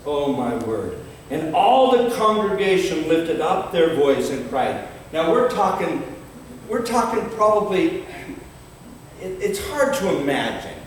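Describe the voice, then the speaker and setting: An older man preaching a sermon in a fiery, dramatic way, reading scripture slowly and emphatically and swinging between loud and quiet. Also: on the high side. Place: large church hall. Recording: echoey hall from far off, faint background noise.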